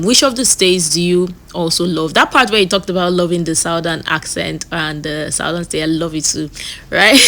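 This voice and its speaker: A woman's voice: fairly low pitch, a bit bright. A woman hosting a reaction video, talking earnestly and rambling, often repeating herself. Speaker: reaction channel host. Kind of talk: casual reaction commentary.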